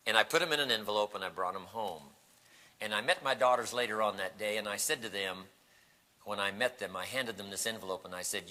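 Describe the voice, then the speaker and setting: Animated man telling seminar stories, bright voice. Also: lowish voice. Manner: animated storytelling, acting out quoted voices. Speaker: motivational speaker. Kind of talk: seminar storytelling speech. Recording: echoey hall recording.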